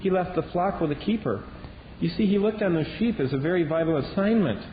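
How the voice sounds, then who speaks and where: A man preaching a sermon as a Bible teacher, telling the story in a lively way and acting out the lines he quotes. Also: a little high. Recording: dull lo-fi recording with long reverb and faint hiss.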